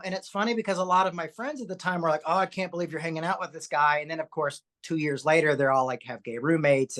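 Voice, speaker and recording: A podcast host telling personal stories in an animated, anecdotal way, often repeating words. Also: medium pitch. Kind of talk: podcast conversation, personal storytelling.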